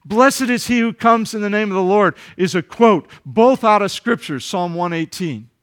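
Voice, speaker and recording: A man's voice: high voice, moderate pace, fairly bright tone. A man preaching a sermon as pastor, earnest and emphatic, asking his listeners rhetorical questions and repeating words as he speaks off the cuff.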